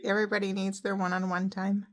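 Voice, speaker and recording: A woman's voice: medium pitch, flat delivery, fast talker. A woman chatting casually at home with her pet parrots, slipping into sing-song baby talk. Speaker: parrot owner. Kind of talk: casual chat with pet birds. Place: home living room.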